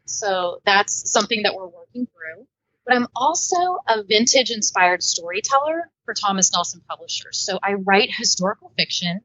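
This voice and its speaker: A woman's voice: medium pitch, expressive, moderate pace, bright, forceful tone, no room sound, muffled recording. A woman in her late thirties with a Southern Indiana twang, a guest author chatting in an upbeat way and laughing often on a podcast. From Midwestern United States. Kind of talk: casual podcast interview.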